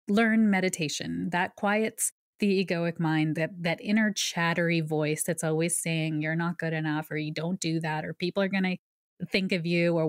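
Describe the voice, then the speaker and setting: With a fairly low pitch, this podcast guest, a woman psychic medium, tells her story and walks through ideas in an earnest, explanatory manner, tossing in lively asides. Recorded dry, with clean studio sound.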